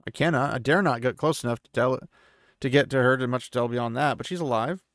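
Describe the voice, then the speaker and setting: A man's voice: medium pitch, brisk, fairly bright tone, dry recording, studio quality, lightly acted. A man voicing a stern, commanding sorceress who speaks in a hard, precise way, in a retold fantasy story. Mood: grave.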